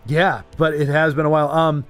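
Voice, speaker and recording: A man's voice: fairly high pitch, level tone, fairly quick, a bit bright, faint music behind. A man hosting a card game stream, chatting casually with rambling, self-deprecating jokes. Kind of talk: casual chat while gaming.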